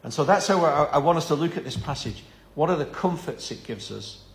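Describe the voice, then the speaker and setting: A man's voice: on the high side, lively intonation, fairly quick, reverberant, a little hiss or hum. A man preaching an evening Bible-study sermon, earnest and given to repeating words as he stresses a point.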